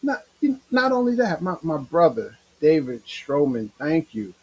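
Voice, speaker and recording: A middle-aged man hosting his own livestream show, talking in a rambling, emotional, animated way. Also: a little high, measured pace, slightly rough, poor audio. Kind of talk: casual livestream monologue.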